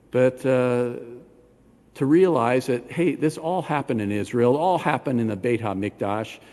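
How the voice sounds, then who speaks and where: An older man, a rabbi preaching a sermon in a synagogue, animated and talking straight to the congregation with questions. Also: medium pitch. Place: synagogue sanctuary. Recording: long hall reverb.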